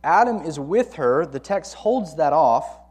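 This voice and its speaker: A man's voice: on the high side, expressive, a little slow, darkish tone. A man teaching a Bible lesson to a college ministry, speaking conversationally and repeating key words for emphasis.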